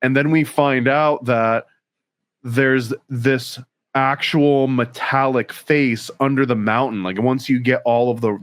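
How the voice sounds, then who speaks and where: A man's voice: mid-range voice, dry recording. A man co-hosting a podcast, joking wryly and retelling a plot in casual chat. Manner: wry, joking, retells plots. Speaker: podcast co-host.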